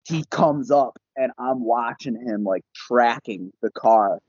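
A young man, a podcast guest, telling a casual story in an animated, profane way and laughing often. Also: mid-range voice, takes it slowly, husky, no room sound. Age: young adult. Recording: dull, lo-fi podcast audio.

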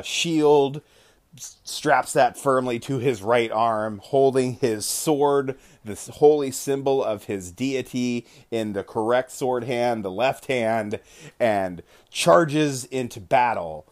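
A man's voice: mid-range voice, darkish tone. A man hosting a podcast, casually retelling a tabletop game session, swearing freely and often correcting himself mid-sentence. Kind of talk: casual storytelling.

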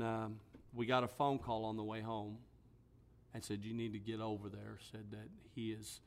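A middle-aged man, a pastor, preaching a sermon. He tells a story in a low, quiet voice and then builds to loud, forceful emphasis. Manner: storytelling, drops to a hushed voice for quoted words, then rises with emphasis.

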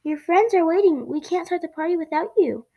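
A woman voicing a calm, wise male owl teacher in a storybook read-aloud, speaking gently. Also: extremely high pitch, a little fast, muffled recording, voice pushed up. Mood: reassuring.

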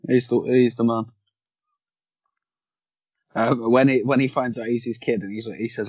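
Man, husky voice, casual film chat, swears a lot, dry lo-fi sound. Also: medium pitch, steady tone, normal speed, long pauses, darkish tone, no echo. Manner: laughing, swearing freely. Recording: dull lo-fi sound.

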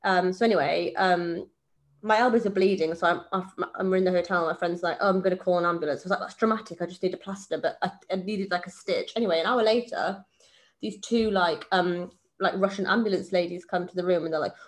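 Woman, about thirty, podcast co-host, chatty and animated telling stories. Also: fairly low pitch, a little fast. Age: around 30. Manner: chatty storyteller, animated when telling anecdotes. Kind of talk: casual chat.

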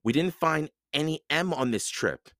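A man's voice: fairly high pitch, animated, moderate pace, a bit bright, no room sound, clean studio sound, voice pushed up. Man voicing a cautious, bookish boy. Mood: earnest.

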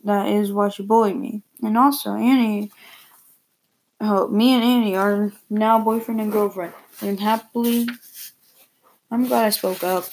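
A woman reading a first-person story aloud, plainly and a little haltingly, with repeated words. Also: medium pitch, fairly even intonation, darkish tone, a little hiss or hum, rough recording.

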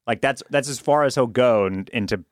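A man co-hosting a podcast in casual chat, agreeable and halting, often restarting his words. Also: mid-range voice, no echo, clean studio sound. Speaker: podcast co-host.

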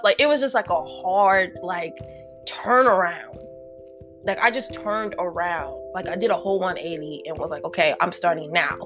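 A woman hosting her own podcast in a casual solo chat, slangy and animated, often acting out her own inner voice. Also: mid-range voice, normal speed, over music. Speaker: podcast host.

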